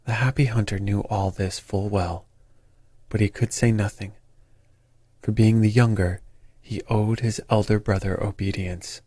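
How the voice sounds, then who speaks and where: A man reads a calm bedtime story in a slow, soothing way. His voice is deep and husky, recorded close in a dry, dead space. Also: no room sound. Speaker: sleep story narrator.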